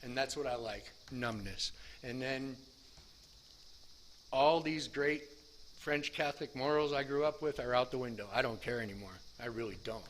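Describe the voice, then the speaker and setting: A man's voice: mid-range voice, moderate pace, fairly bright tone, a little hiss or hum. A middle-aged man telling his recovery story as personal testimony, candid and self-deprecating, full of restarts.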